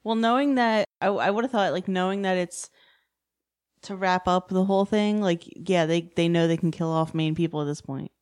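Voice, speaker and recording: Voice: mid-range voice, normal speed, clear, resonant tone. A podcast co-host chatting casually about a film, giving short agreeing replies and adding scene details. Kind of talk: casual movie recap chat.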